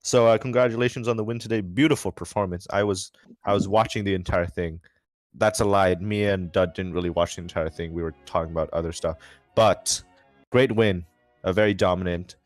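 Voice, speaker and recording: Low-voiced young man joking on stream. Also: fairly even intonation, fairly quick, dry recording, soft background music. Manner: rambling, joking, many fillers and restarts. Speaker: race commentator and post-race interviewer. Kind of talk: casual livestream commentary.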